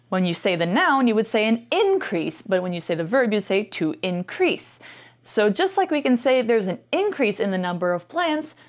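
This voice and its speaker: Woman patiently explaining English words. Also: medium pitch. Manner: patient, explanatory, with casual fillers. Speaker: English teacher. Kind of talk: explaining vocabulary in a bilingual lesson.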